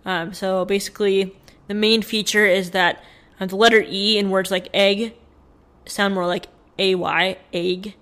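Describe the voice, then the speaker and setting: Give me a woman podcast co-host casually reading out news stories, mid-pitched and chatty. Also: steady tone, moderate pace, fairly bright tone. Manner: chatty, reads from notes with fillers.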